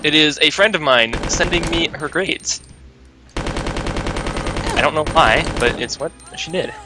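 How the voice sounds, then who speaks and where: A man's voice: fairly high pitch, takes it slowly, noisy background. A young man streaming a video game with a friend, chatting and joking. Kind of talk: let's play banter.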